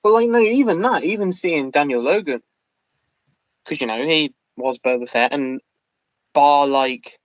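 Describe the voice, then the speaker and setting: Man, slightly high voice, dull lo-fi sound, rambling casual chat. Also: measured pace, pauses often, no room sound. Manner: rambling, hesitant, lots of fillers. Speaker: podcast co-host.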